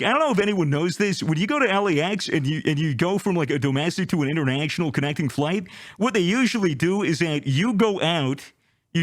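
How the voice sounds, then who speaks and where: A man telling a travel story in casual chat, animated and swearing, acting out the people he met. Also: high voice, no echo, clean studio sound.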